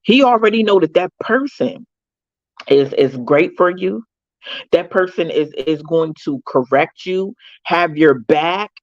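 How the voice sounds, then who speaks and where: A woman's voice: lowish voice, lively intonation, unhurried, no echo, lo-fi sound. A woman who advocates for prisoners, giving an emphatic, preachy motivational talk, repeating phrases and calling her listeners baby.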